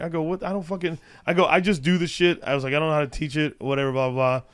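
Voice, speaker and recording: A man with a high-ish, smooth voice talks fast with few pauses as a comedian guest on a podcast. He tells casual stories in a rambling way, with lots of restarts, fillers, and laughter.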